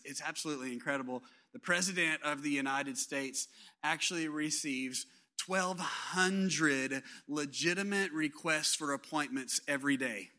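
A man, preaching a sermon as pastor in a conversational way that rises to animated bursts. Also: fairly high pitch.

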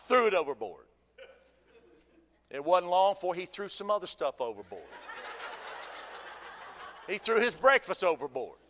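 A folksy male pastor preaches in a high, bright voice, using humor and questions to the congregation to keep the sermon animated. His words ring out with a long hall reverb, as in a church sanctuary.

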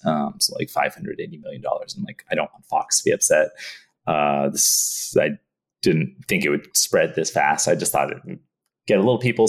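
Low husky fast-talking man telling a story. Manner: animated storyteller who acts out his own past thoughts and laughs often. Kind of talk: casual anecdote in an interview.

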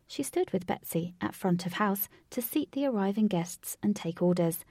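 A woman narrating a storybook, unhurried, now and then dropping to a whisper. Her voice is mellow and gravelly with a husky edge. The recording is dry and close. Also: mid-range voice, animated, dry recording.

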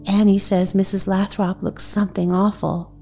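A woman's voice: mid-range voice, little pitch movement, normal speed, creaky, dark tone, faint music behind, close to an everyday voice. A woman doing an anxious breathless young girl. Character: excitable young neighbor girl.

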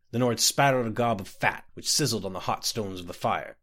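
A man narrating a fantasy story aloud in a measured, expressive way. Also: lowish voice. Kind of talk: audiobook narration.

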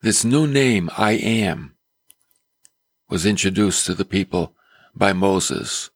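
Slow, husky-voiced male preacher. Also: deep voice, expressive, no echo. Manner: emphatic, storytelling with acted quotes. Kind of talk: sermon.

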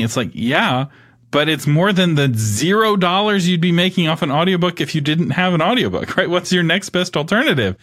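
A man's voice: a little high, animated, a little fast, a bit bright. A man hosting a casual interview, talking in a conversational way and leading with questions. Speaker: podcast host.

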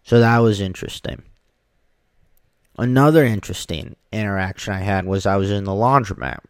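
A man telling casual stories in a rambling, halting monologue, often restarting his sentences. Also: on the low side, smooth, no room sound, clean studio sound.

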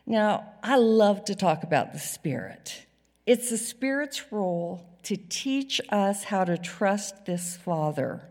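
A woman delivers a slow, unhurried sermon in a church, her voice gravelly and a touch low. She swings between loud emphatic lines and hushed near-whispers. The hall's long reverb trails behind her words. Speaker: preacher. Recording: reverberant hall sound.

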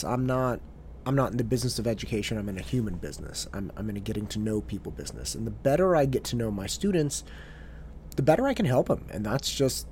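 A man tells a personal story from his tutoring work, his voice rising and falling in a lively, expressive way. He speaks earnestly and often restarts his phrases as he thinks aloud, in a middle-pitched voice. A faint hiss sits under the recording. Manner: earnest, repeats his words as he talks. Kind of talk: storytelling monologue.

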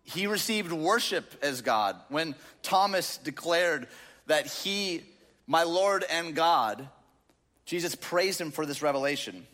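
A man's voice: a little high, expressive, slow pace, bright, forceful tone. A man preaching a sermon in a casual, joking way, with lots of filler words, to a crowd in a large church auditorium. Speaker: pastor. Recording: long reverb of a large hall.

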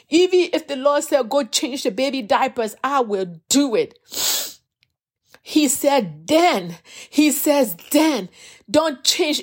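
A woman with a slightly high voice preaches a sermon as a personal testimony. She speaks earnestly, sometimes stumbling over and repeating her words as she goes.

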